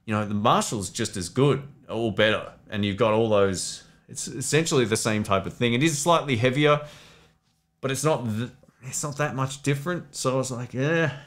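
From a home studio, a livestream host with a mid-range voice answers viewer questions at a normal speed. His manner is relaxed and rambling, chatting loosely and reading comments from the chat out loud.

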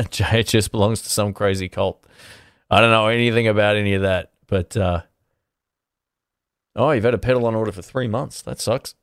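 A man's voice: fairly low pitch, fairly even intonation, normal speed, dry recording, studio quality. A man hosting a guitar channel, chatting casually on a livestream and answering viewers, rambling and restarting his sentences in an easygoing way.

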